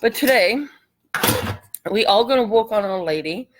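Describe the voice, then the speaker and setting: A woman's voice: mid-range voice, lively intonation, normal speed, noisy background. Chatty woman hosting a craft livestream. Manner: chatty, apologetic, laughs easily. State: coughing, out of breath from allergies. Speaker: craft tutorial host. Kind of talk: casual livestream craft tutorial.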